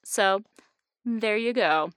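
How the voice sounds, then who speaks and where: A young woman hosting a casual podcast chat, animated and quick to laugh, with lots of restarts. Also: medium pitch, clean tone, no echo. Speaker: podcast host.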